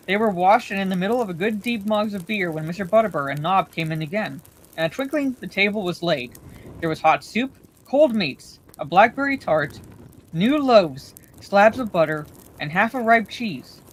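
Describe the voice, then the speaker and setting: A woman reading a bedtime story aloud in a calm, steady way as the storyteller. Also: medium pitch, moderate pace, low-quality recording.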